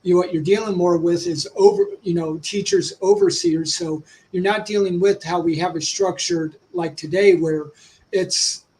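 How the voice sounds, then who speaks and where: A man in a casual livestream discussion who talks haltingly and keeps restarting his sentences. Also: high-pitched, lively intonation, creaky, a little mellow, poor audio. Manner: halting, searching for words with many restarts.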